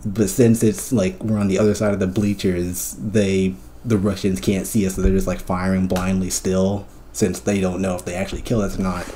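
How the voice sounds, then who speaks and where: Man, very low voice, swearing a lot, rambling casual story, faint typing behind. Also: level tone, normal speed, hardly any pauses, dark tone, a little hiss or hum. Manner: profane, rambling storytelling with many fillers. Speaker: streamer. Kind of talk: casual chat, recounting a dream.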